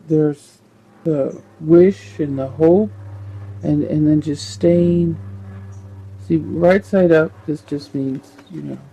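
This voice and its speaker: Gravelly dark-voiced man reading tarot. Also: fairly high pitch, poor audio. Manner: rambling, halting, repeats words while thinking aloud. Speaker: tarot reader.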